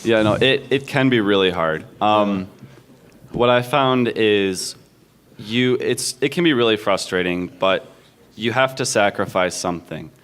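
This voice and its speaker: A man's voice: lowish voice, a little slow, a bit bright, clean tone. A young man, a student, speaking casually on a convention panel, rambling with fillers. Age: young adult.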